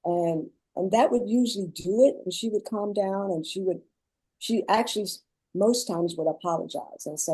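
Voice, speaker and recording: A woman guest on a panel, explaining her caregiving experience in earnest, measured phrases. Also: mid-range voice, dark tone, husky, dry recording, poor audio. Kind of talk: panel discussion.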